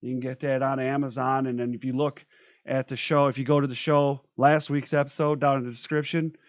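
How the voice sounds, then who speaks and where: A man's voice: mid-range voice, brisk, no echo, studio quality. Upbeat chatty male stream host. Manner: energetic, chatty, shouting out viewers. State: feeling unwell. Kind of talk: casual live-stream chat.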